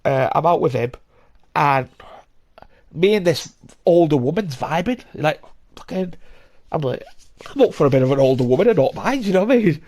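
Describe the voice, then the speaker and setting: A man's voice: fairly high pitch, lively intonation, normal speed, long pauses, darkish tone. A young man hosting a podcast, telling rambling, sweary stories with frequent laughs and acted-out voices. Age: young adult. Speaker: podcast host. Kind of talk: casual storytelling.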